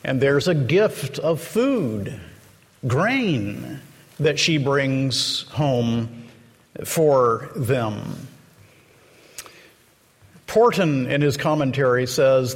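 Slow dramatic preacher in a reverberant hall. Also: male voice, medium pitch. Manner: slow, dramatic storytelling with acted-out quotes. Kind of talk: sermon.

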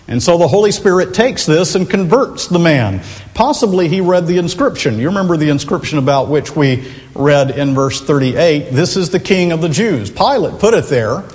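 A man preaching a sermon, earnest and emphatic, slowing and lifting his voice to stress key phrases. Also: on the high side, a little mellow. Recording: long reverb of a large hall.

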